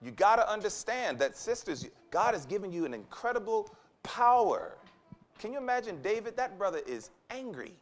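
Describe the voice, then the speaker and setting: Male preacher, high and animated, emphatic and repetitive, acts out quotes. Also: moderate pace. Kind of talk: sermon. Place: conference hall.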